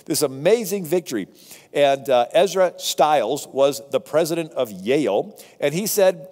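A man lecturing on history, telling it as a lively story to a live audience with asides. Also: high voice, moderate pace, big-room sound. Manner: animated, conversational storytelling with asides. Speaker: speaker on history.

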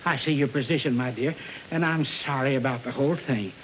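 A man's voice: mid-range voice, fairly quick, slight background noise, natural voice. An actor playing a flustered, blustering male record company boss in 1940s film style. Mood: coaxing. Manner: blustering, then coaxing. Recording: dull old film soundtrack.

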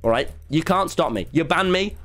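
A man's voice: fairly high pitch, lively intonation, fairly bright tone, faint music behind. A man with an English accent, chatting casually on a livestream while gaming, rambling and swearing as he rants. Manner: rambling, profane, quick to rant.

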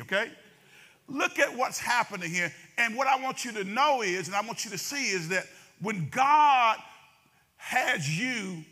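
Man, pastor preaching, high voice, calls to the congregation. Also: pushed and bright. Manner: fast-talking, call-and-response with the congregation. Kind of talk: sermon.

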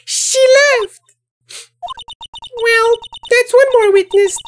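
A woman voicing an excitable teenage girl sidekick who squeals her lines. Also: extremely high pitch, slow, a little hiss or hum, voice pushed up. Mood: excited.

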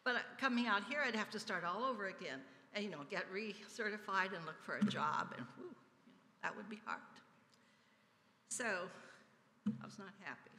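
Older woman telling her story, bright, echoey. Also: mid-range voice, lively intonation, normal speed. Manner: earnest storytelling with soft laughs. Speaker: church member giving a testimony. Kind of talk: personal testimony in worship. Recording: reverberant church sanctuary.

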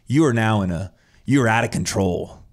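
A man's voice: on the low side, moderate pace. A man telling his own story in a casual, blunt and profane way, acting out his past reactions as he goes.

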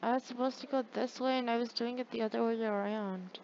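A woman giving casual commentary over her own gameplay, excitable and chatty with her viewers, gasping and groaning at every setback. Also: on the high side, brisk, muffled recording, slight background noise. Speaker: gaming channel host.

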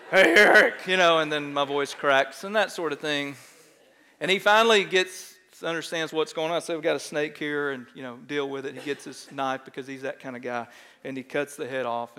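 A middle-aged man with a Texan drawl delivers a sermon in a large church, his fairly high voice carrying a long reverb through the sanctuary. He tells stories with lively, self-mocking energy and keeps checking in with the room. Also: normal speed, clean tone. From Texas. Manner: animated, self-mocking storyteller, often asks "right?". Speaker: pastor. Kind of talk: sermon with storytelling.

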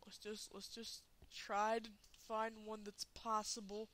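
A woman giving let's play commentary, excitable, laughing and shrieking, cursing at the game. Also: mid-range voice, a little slow. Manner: swears and exclaims at the game. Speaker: gameplay commentator.

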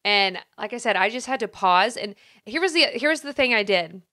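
A woman's voice: mid-range voice, lively intonation, moderate pace, pushed and bright. A woman in her thirties co-hosting a podcast, telling a personal story openly and with emotion. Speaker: podcast co-host. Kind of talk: casual podcast conversation.

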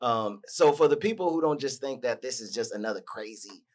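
A man hosting a podcast interview, energetic, laughing often and repeating his phrases. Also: mid-range voice, brisk, noisy background. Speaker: podcast host. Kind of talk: casual interview.

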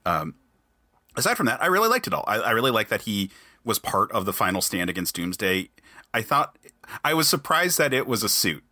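A man with a low, bright and forceful voice, talking casually on a podcast. He rambles with enthusiasm and keeps restarting his sentences. The sound is dry and close. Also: big pitch swings, a little fast, dry recording. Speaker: podcast host.

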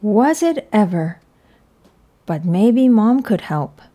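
Female read-aloud narrator for a children's book; slow, careful, mellow. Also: medium pitch, big pitch swings.

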